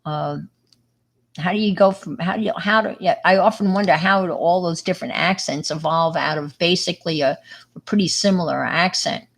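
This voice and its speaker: A woman's voice: on the low side, fairly quick, vocal fry. A middle-aged woman with a New York accent, chatting casually with viewers on her livestream, rambling with lots of fillers and restarts. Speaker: livestream host.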